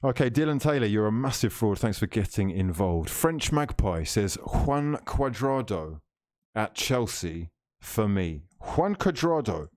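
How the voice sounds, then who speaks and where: A man's voice: on the low side, very animated, unhurried, a little mellow. A man hosting a live football watchalong stream, reading out chat comments, teasing viewers and laughing often.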